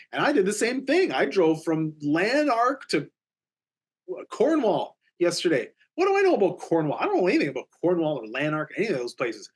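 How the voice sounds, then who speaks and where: A man's voice: a little high, sing-song, normal speed, husky. A man, a realtor co-hosting a podcast, telling a story animatedly and acting out both sides of the conversation. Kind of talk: casual storytelling chat.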